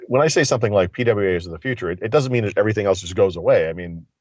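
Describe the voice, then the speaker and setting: Low voiced guy calling in on his phone, dull muffled sound, lots of ums while he talks tech. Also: expressive, quick pace, a little mellow, dry recording. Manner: rambling, thinking aloud with many fillers. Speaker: tech commentator. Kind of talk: casual tech chat. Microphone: phone line.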